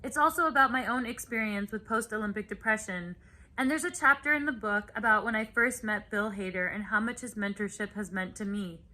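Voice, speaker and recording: A woman giving a clear, earnest, scripted introduction to camera as an author presenting a talk. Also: mid-range voice, a little fast, bright, forceful tone.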